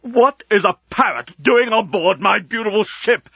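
Old male genius, furious and vain, high shouting, played by a male narrator; husky, slightly lo-fi. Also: big pitch swings, moderate pace, no echo, exaggerated voice. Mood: outraged. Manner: screaming, sobbing, pitch jumping high. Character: elderly male genius inventor, vain and outraged.

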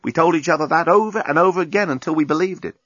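A quietly resolute young woman who weighs her words, lifted a little above an ordinary speaking pitch, as a male audiobook reader puts her on. The voice is somewhat husky and the recording is dry and dull. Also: fast, no room sound.

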